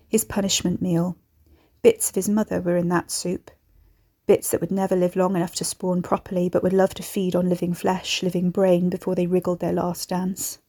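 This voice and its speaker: A woman reading a horror story aloud in a measured storytelling manner. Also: fairly low pitch, flat delivery, dark tone. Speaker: narrator. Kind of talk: scripted horror narration.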